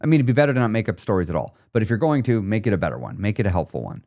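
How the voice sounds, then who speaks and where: A man's voice: lowish voice, racing. A man hosting his own podcast, coaching listeners directly in a casual, blunt, slangy solo monologue. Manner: animated coaching, talks straight to the listener; laid-back, slangy and blunt. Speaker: weight loss podcast host.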